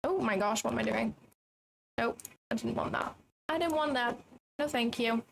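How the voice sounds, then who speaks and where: A woman's voice: on the high side, normal speed, gravelly, slight background noise. A woman hosting a live trading stream, chatting and thinking aloud in a self-deprecating way. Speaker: trading livestream host. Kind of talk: live commentary while trading.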